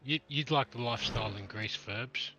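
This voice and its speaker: A man's voice: mid-range voice, moderate pace, vocal fry, bright, forceful tone, a little hiss or hum. A man rambling and swearing in casual chat with racing teammates.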